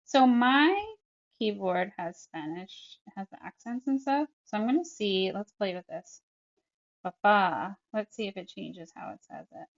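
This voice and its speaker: A woman's voice: mid-range voice, a little slow, lo-fi sound. A woman speech therapist casually narrating an app tutorial step by step, chatty and full of fillers. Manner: chatty, narrates each tap, frequent fillers. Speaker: speech-language pathologist.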